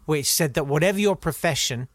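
A man co-hosting a comedy podcast, riffing in a wry, deadpan way. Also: on the high side, fairly quick, dry recording. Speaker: podcast co-host. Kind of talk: casual comedic chat.

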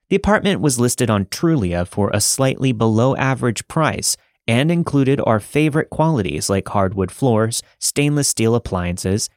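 A man reading a listener's true scary story in a steady, measured narrating voice. His pitch sits on the low side, and the sound is dry and close with no room around it. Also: no echo. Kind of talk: scripted first-person story narration.

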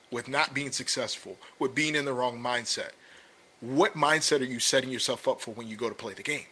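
A young adult man co-hosting a podcast, telling a personal story in a relaxed, conversational way with many fillers, and building energy when he makes his point. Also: medium pitch, brisk, husky. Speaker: podcast co-host and business coach. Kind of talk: casual podcast talk.

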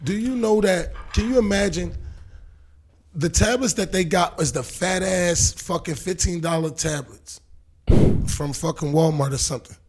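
Husky, animated New man. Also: sits high, moderate pace. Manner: animated, profane, acts out quotes. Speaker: podcast guest. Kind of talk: casual storytelling.

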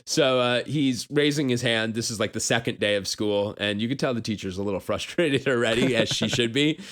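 A man in his thirties co-hosting a podcast, telling stories in a casual, animated way and laughing often. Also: medium pitch, brisk. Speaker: podcast co-host.

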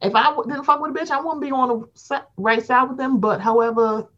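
A woman's voice: high-pitched, fairly quick, lo-fi sound. A woman chatting casually, animatedly acting out other people's lines in playful voices and swearing freely. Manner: animated, acts out quotes with playful voices, profane. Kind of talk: casual chat recapping reality TV.

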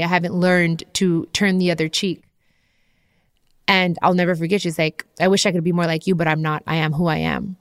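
A woman in her thirties with a lowish voice talks candidly to her viewers, sharing a personal story in a heartfelt, emotional way. The recording is dry and studio quality.

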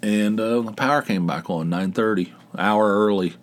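A middle-aged man hosting a podcast, telling a rambling, animated story in casual talk, swearing and acting out a neighbor's lines. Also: on the low side, normal speed. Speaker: podcast host.

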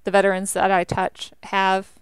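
A young American woman talks as an interview guest, chatty and animated, dropping plenty of "like". Her voice is very clear and smooth. It sits close and dry. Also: medium pitch, normal speed, dry recording. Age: young adult. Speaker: veteran guest. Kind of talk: interview conversation.

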